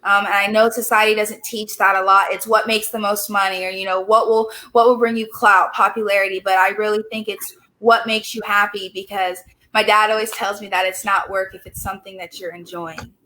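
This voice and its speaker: On a video call, a late-teen student host responds to an officer's questions in an earnest, talkative way, telling stories with energy and laughing readily. She speaks at medium pitch and fairly quickly, over poor audio.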